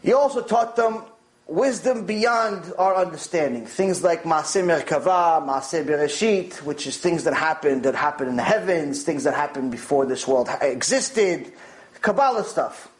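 A man giving a Torah lecture, telling stories in an animated way and repeating lines for emphasis. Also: on the high side, measured pace. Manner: animated storytelling, with repetition for emphasis. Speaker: Torah teacher.

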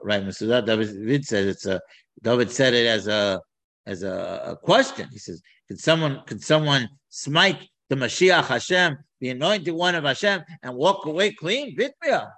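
Animated man teaching scripture. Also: mid-range voice, rough recording. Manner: animated, with many repeats and restarts. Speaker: Torah teacher. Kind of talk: explaining scripture in a class.

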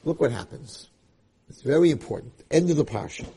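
Male rabbi, husky voice, very lively pitch, dramatic shifts from quiet to loud. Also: brisk. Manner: animated, swings between hushed and loud passionate emphasis. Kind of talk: Torah lecture.

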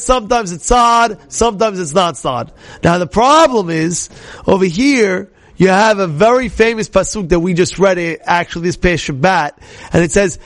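Man, high-pitched Torah teacher, emphatic, quizzes his listeners with questions. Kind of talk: short recorded Torah lesson.

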